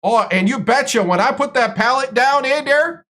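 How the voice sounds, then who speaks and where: A man's voice: very high voice, normal speed, pushed and bright, pitched above the performer's own voice. A man putting on a cheery, polite Wisconsin character in a sing-song Wisconsin accent.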